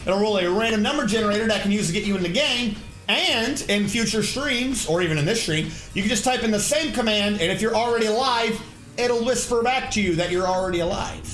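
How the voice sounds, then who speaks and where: A man's voice: high-pitched, lively intonation, a little fast, a bit bright, roomy sound, soft background music. A man streaming a game, chatting casually and rambling as he plays and answers his chat. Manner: rambling, chatty, reacts aloud and talks to chat. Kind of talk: casual live-stream commentary.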